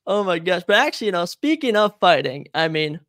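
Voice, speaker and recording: A man hosting a podcast with a fairly high, gravelly voice. He keeps his reactions short and follows up with curious questions, recorded close and dry. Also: sing-song, a little fast, a bit bright, no echo. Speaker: podcast host. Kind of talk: casual interview chat.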